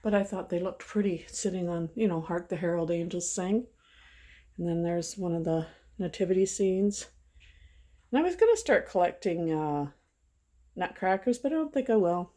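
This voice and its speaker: Chatty low-voiced middle-aged woman. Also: expressive, normal speed, dark tone. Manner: chatty, rambling and sentimental. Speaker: vlogger. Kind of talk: casual chat. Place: home.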